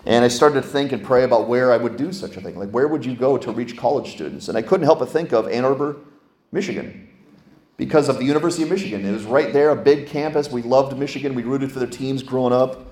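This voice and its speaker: A man's voice: mid-range voice, fast talker, echoey room. A man preaching a sermon, telling stories and asking the congregation questions. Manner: storytelling, animated, asks the congregation questions. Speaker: pastor.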